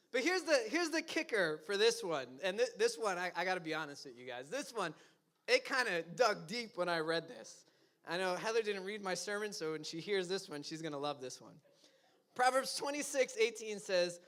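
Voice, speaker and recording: A man's voice: high-pitched, animated, normal speed, fairly bright tone. A young man preaching a casual, conversational sermon, laughing often and acting out quoted lines with self-deprecating asides. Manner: acts out quoted lines in funny voices. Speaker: pastor.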